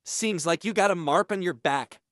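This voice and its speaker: A man voicing a gruff, condescending male prison officer from Kentucky who drawls and calls people boy. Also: high-pitched, normal speed, fairly bright tone, dry recording, clean studio sound. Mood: mocking drawl.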